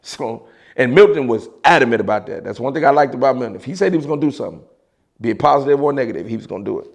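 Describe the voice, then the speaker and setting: A man with a Chicago accent telling a story in a casual, animated way, with slang and loose restarts. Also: medium pitch, racing, gravelly. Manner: animated, mimics voices of others in quotes, frequent laughs and slang.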